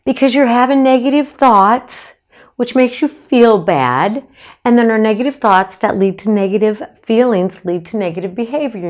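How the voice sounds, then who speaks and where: A woman's voice: on the high side, a little mellow. A middle-aged woman psychologist giving a direct-to-camera advice talk, encouraging and emphatic, speaking straight to the listener.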